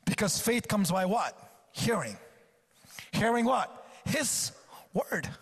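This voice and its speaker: High, husky-voiced male preacher. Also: big pitch swings, slow, fairly bright tone. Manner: exhorting, repetitive and emphatic. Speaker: guest preacher. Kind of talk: sermon. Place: church service.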